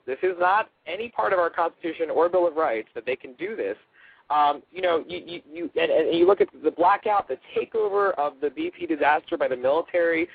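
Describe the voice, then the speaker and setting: Radio guest calling in: husky-voiced man, urgent and halting, thin dry phone sound. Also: medium pitch, no room sound. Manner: urgent, repeats and restarts words. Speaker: guest, activist. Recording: narrow phone-line sound.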